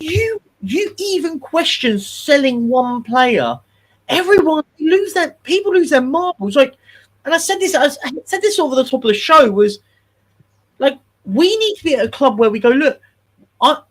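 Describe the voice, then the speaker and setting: A man, co-hosting a casual football chat, animated and repeating his words as he gets going. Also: extremely high pitch, moderate pace. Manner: animated, repeats words when getting started. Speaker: co-host.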